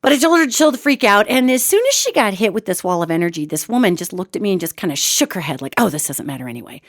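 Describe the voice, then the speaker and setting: A woman hosting her own radio show, telling a dramatic personal story as a lively monologue that swings between loud outbursts and quiet asides, calling her listeners "gang". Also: mid-range voice, quick pace, dry recording, studio quality.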